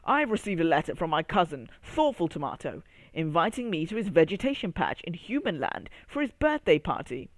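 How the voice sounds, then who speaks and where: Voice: medium pitch, sing-song, a little fast, dry recording. A storyteller voicing a tall male tomato who calls out warnings and news in a children's story. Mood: announcing.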